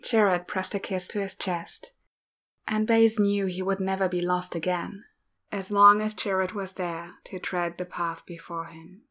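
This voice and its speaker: A woman narrating a piece of fan fiction in a slow, even, subdued reading. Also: fairly low pitch. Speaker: audiobook reader.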